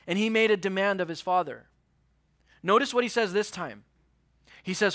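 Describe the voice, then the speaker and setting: A young man preaching a sermon to a youth group in earnest, acting out the quotes and dropping to a hush on key words. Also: high-pitched, a little fast. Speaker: youth pastor. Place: church youth service.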